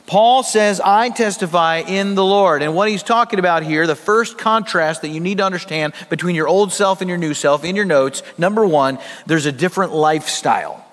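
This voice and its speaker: A man's voice: high voice, moderate pace, hardly any pauses, a bit bright, long reverb tail. A man preaching a sermon as pastor, in a conversational style with storytelling asides.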